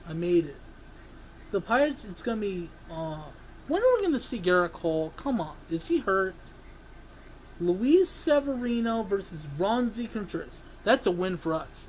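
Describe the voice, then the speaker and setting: A sports vlogger ranting angrily, swearing and breaking into sudden yells, then apologizing for them. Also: mid-range voice, expressive, measured pace, slight background noise, poor audio. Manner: ranting, swearing, bursts into yelling; self-interrupting, apologizes for yelling. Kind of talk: angry sports rant.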